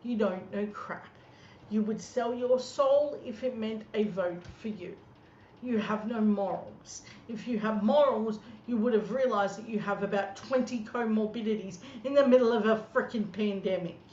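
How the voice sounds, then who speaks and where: A woman's voice: medium pitch, moderate pace, a little mellow. A woman, giving angry, scornful political commentary in a blunt, ranting manner. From Australia. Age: 30s. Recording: echoey room, dull lo-fi sound, faint noise.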